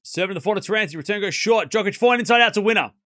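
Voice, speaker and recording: A man streaming live play-by-play commentary of a tennis match, calling each shot and reacting loudly to big points. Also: high-pitched, very fast, no room sound, studio quality. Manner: excitable, animated, calls each shot. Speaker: watchalong commentator.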